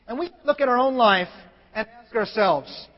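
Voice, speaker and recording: A pastor preaching a sermon, telling a story in an animated way and acting out other people's lines, sometimes building up to shouts. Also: male voice, very high-pitched, moderate pace. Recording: long hall reverb, dull lo-fi sound.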